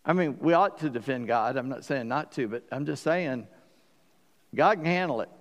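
A man preaching a sermon as pastor, lively and animated, acting out the voices in the story. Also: mid-range voice, normal speed, long reverb tail.

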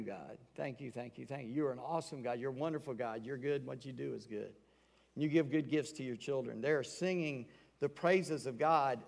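A man's voice: fairly high pitch, vocal fry. A man preaching a sermon in a conversational way, acting out the quoted voices as he tells the story. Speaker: pastor. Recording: long reverb of a large hall.

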